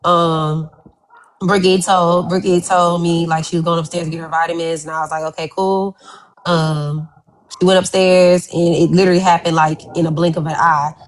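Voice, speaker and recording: A woman's voice: lowish voice, level tone, normal speed, slight background noise, poor audio. A woman giving a casual witness account in loose slang with many fillers. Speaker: witness guest. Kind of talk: casual recounting.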